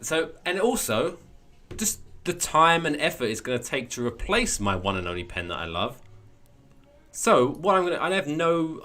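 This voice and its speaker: A man co-hosting a podcast, talking in a rambling, animated, storytelling way. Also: on the high side. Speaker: podcast co-host. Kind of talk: casual chat.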